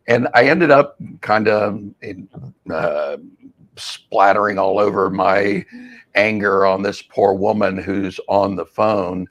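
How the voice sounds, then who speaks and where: A man's voice: lowish voice, slow pace, fairly bright tone, no room sound. A man, a mindfulness coach and podcast co-host, telling a rambling story in casual chat. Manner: rambling storyteller, acts out quoted voices, laughs easily.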